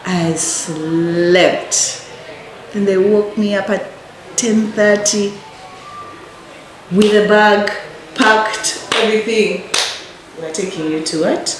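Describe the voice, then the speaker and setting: A woman telling her addiction recovery story as a podcast guest, animated and acting out other people's lines. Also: medium pitch, slow pace, pauses often. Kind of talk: casual storytelling chat. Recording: echoey room with faint noise.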